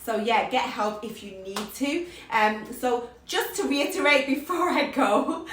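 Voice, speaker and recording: A woman's voice: high voice, measured pace, a bit bright, a little hiss or hum. A woman vocal coach giving an upbeat, emphatic lesson on singing technique to her viewers. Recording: roomy sound from a distance, faint music.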